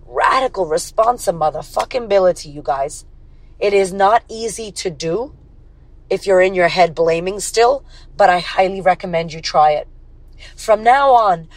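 A woman's voice: mid-range voice, dry recording. A woman hosting a podcast, talking casually in a blunt, emphatic way with frequent swearing. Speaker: podcast host. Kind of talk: casual motivational podcast monologue.

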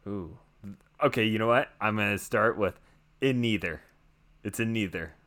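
An American man co-hosting a casual podcast, excitable and playful. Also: on the low side, moderate pace. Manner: excitable, playful, jokes around. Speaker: podcast co-host.

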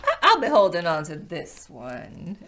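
A woman's voice: on the low side, huge pitch swings, a little slow, a bit bright. A woman playing a tabletop game, chatting eagerly. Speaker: player. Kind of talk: casual chat at a game table.

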